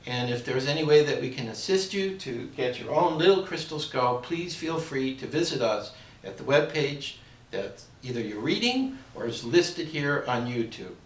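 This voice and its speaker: Man, rambling casual pitch, echoey room, far from the mic. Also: lively intonation, normal speed. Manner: rambling, chatty, tells jokes. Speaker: crystal skull seller presenting his products. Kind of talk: casual self-made video pitch. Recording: roomy echo, far from the mic.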